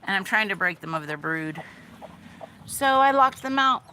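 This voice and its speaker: With a medium pitch and an expressive, bright, forceful delivery at normal speed, a young vlogger shows off her backyard over slight background noise. She rambles casually with many "likes" and "you knows," pausing often to talk with her animals outside.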